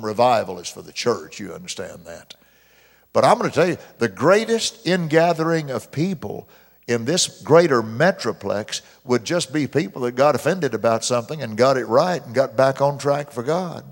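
A man preaching a sermon as pastor, stretching out key verses slowly and loudly, with dramatic emphasis. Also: gravelly. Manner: mimics complainers in a high whiny voice. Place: church sanctuary. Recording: long reverb of a church hall.

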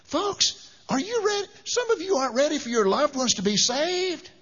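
A male preacher with a high, bright, forceful voice gives an emphatic, fervent sermon. The sound is dull and lo-fi, with a long reverb trailing behind him as if in a large hall. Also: big pitch swings, moderate pace.

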